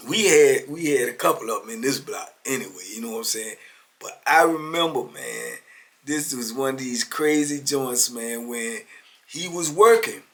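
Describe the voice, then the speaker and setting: A man in his fifties telling a personal story in a casual, animated street style, full of slang and asides. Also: medium pitch. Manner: animated, laid-back slang, frequent "you know what I'm saying". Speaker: storyteller guest.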